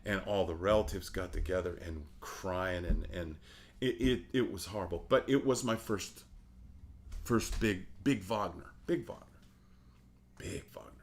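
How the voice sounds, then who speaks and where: A middle-aged man, an opera singer, telling stories in a casual interview, animated and laughing often. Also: low voice, unhurried, slight background noise.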